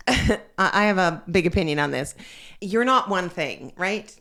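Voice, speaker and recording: A woman's voice: fairly low pitch, animated, measured pace, fairly bright tone. A middle-aged woman comedian, a guest on a talk show, telling stories with punchy comic delivery.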